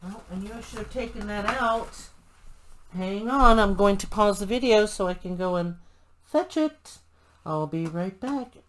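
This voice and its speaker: A woman's voice: medium pitch, expressive, a little slow. An older woman chatting casually and thinking aloud as she works through a craft tutorial. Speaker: crafting channel host.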